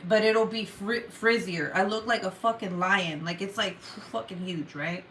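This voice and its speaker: A native Spanish speaker with a Mexican Spanish accent hosts a casual livestream, reading viewer comments aloud in a chatty, profane way packed with "like" and "um." Her voice is medium-pitched, a little slow and fairly bright. The poor audio carries a bit of hiss or hum.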